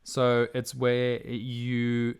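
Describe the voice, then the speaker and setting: A man's voice: medium pitch, monotone, very slow, smooth, highs cut off. A young man co-hosting a comedy podcast, talking casually with plenty of "um" and "like". He rambles loosely through explanations in a mid-range voice. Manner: rambling, explains with many fillers. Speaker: podcast co-host.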